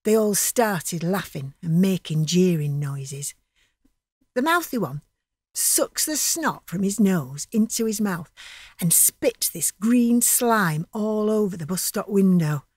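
A woman's voice: medium pitch, expressive, takes it slowly, darkish tone, husky, no echo, clean studio sound. A woman narrating a dramatic monologue in a chatty, vivid storytelling manner.

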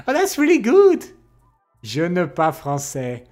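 A young man with a French accent chats slowly and unhurriedly with his stream audience, his voice sitting a little high. He teases and laughs a lot, stopping and restarting as he hunts for English words, while soft music plays faintly underneath. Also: wildly swooping pitch. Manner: laughs often, playful and teasing, speaks English with pauses and restarts. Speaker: live streamer. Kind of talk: casual chat, reading out viewer comments. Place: home streaming setup.

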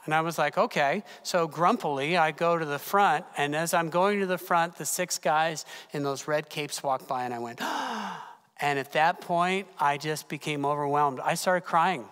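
A man's voice: a little high, moderate pace, few pauses, fairly bright tone, clean tone. A man from California, a pastor, telling a personal story in a sermon with gasps and casual fillers. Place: church sanctuary. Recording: long hall reverb.

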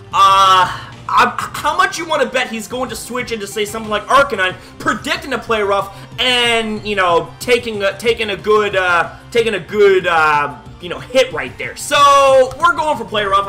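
A young man commentates a live online battle in a high, bright voice that swings wildly, jumping into shouts at every surprise. He curses freely and sounds fresh from the gym, throat a little dry. Faint music runs under him. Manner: excitable, swears often, shouts at big plays. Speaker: gaming YouTuber.

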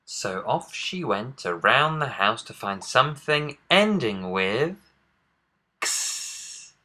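A man hosting a children's phonics lesson with a puppet, encouraging and praising as he sounds out letters slowly and clearly. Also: mid-range voice, very animated, sharp tone. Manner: encouraging, praising and playfully scolding; slow and exaggerated, sounding out letters. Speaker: phonics teacher and host.

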